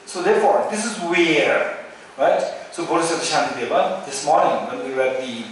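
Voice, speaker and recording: A man's voice: on the high side, moderate pace. Tibetan-accented male teacher in echoey hall. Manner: repetitive, rhetorical questions with "right?". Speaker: Buddhist teacher. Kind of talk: Dharma teaching. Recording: very echoey hall, distant mic, faint noise.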